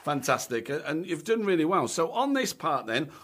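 A man's voice: fairly high pitch, big pitch swings, normal speed, fairly bright tone. A Scottish man hosting a casual radio chat, talking chattily and tagging his sentences with "okay" and "right?". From Scotland. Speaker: radio show host and drummer.

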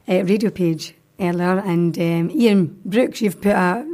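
Woman radio host, mid-pitched, easygoing chat between tracks. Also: unhurried, a little mellow. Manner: chatty, reads listener jokes aloud.

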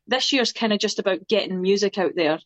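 A woman's voice: mid-range voice, brisk, no room sound. Chatty Scottish woman, dry close sound. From Scotland. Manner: chatty and self-deprecating. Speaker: singer-songwriter guest. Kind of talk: casual interview chat.

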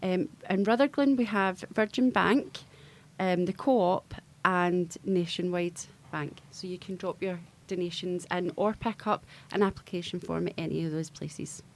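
A woman's voice: fairly low pitch, fairly even intonation, measured pace. A woman, a charity project worker, answering radio interview questions in an easygoing way with many ums.

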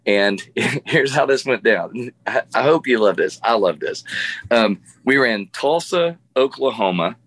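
A man's voice: mid-range voice, lively intonation, measured pace, a bit bright. A middle-aged man, a guest musician, telling a funny story in a radio interview, laughing often and restarting his sentences.

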